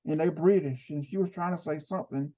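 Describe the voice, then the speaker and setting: A man who is a guest on a livestream, chatting in a halting, casual way. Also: fairly high pitch. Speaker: guest on the stream. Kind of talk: casual chat. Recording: dull lo-fi call audio.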